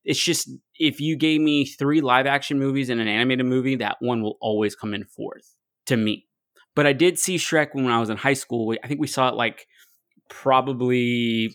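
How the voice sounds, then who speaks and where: A man's voice: medium pitch, lively intonation, fairly quick, a bit bright, no echo, clean studio sound. A man in his thirties co-hosting a podcast, chatting casually in a blunt, joking and profane way. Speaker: podcast co-host. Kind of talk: casual chat.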